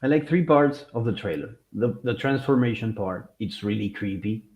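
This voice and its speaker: A man's voice: lowish voice, animated, normal speed, a little mellow. A man co-hosting a casual podcast, with joking, sarcastic asides. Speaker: podcast co-host. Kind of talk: casual chat.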